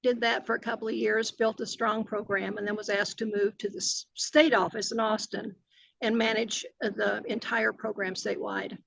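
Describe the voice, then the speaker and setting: A woman's voice: mid-range voice, flat delivery, moderate pace, creaky, fairly bright tone, dry recording, rough recording. An older woman, a retired agency director answering interview questions earnestly, with many fillers and restarts.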